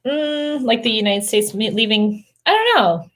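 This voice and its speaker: A middle-aged woman from Canada hosting a casual family live stream, telling animated stories with quick asides. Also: fairly high pitch. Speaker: family travel channel host.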